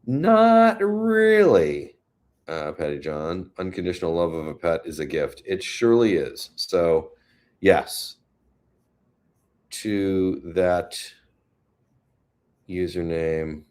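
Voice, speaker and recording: A host speaking in a low, steady voice takes things slowly and pauses often during a casual live stream from his New York City home. He talks about the weather and reads viewer comments aloud, responding with gentle, consoling words.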